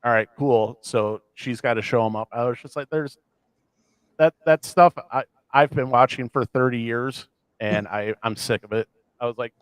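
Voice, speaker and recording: His mid-range voice is clear and resonant, moving at a normal speed in a recording with no echo. This podcast co-host from the American Midwest rambles through casual chat, animated and self-deprecating.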